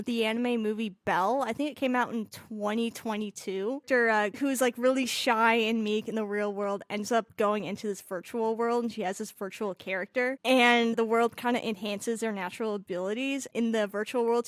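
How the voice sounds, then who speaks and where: A woman hosting a casual reaction video, excitable and thinking aloud as she talks to her viewers. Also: fairly high pitch, no echo, clean studio sound. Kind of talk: casual chat.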